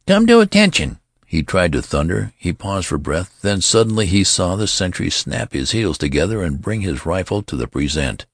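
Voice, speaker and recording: Deep, gravelly male narrator, lively delivery, dry close sound. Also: moderate pace, few pauses, no echo. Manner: expressive storytelling. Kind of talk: scripted audiobook narration.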